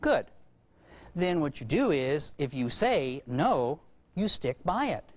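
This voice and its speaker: A man lecturing parents in a humorous, animated way, acting out bits of dialogue between parent and child. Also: fairly high pitch, slow pace, a little hiss or hum.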